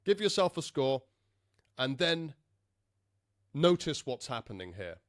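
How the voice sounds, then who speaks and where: A man teaching English speaking skills straight to the viewer, calm and deliberate, stressing key words clearly. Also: medium pitch, dry recording, clean studio sound. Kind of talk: direct-to-camera teaching.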